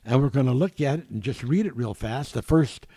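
A man preaching a sermon, halting and repeating words, growing forceful when reading scripture. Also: medium pitch, lively intonation, dry recording.

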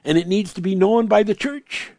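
Emphatic male preacher, slightly high voice. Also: no echo, studio quality. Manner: emphatic, repeats words for stress, reads scripture slowly; swings from loud proclamations to quiet asides. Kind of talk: sermon.

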